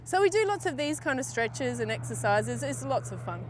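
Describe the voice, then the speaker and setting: High-voiced Australian woman coaching. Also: sing-song, moderate pace, noisy background. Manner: encouraging, instructive. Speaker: golf fitness coach. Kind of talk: demonstrating exercises. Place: outdoors on a golf course.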